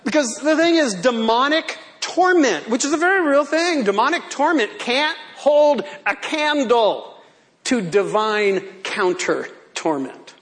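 Man, pastor, church sermon, jokey and laughing, high voice, slow delivery. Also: very animated, fairly bright tone. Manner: playful, laughing, theatrical.

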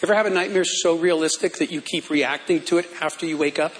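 A male pastor delivering a sermon with a high-pitched voice. He tells stories in an animated, humorous way and mixes asides into his teaching. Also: fast talker.

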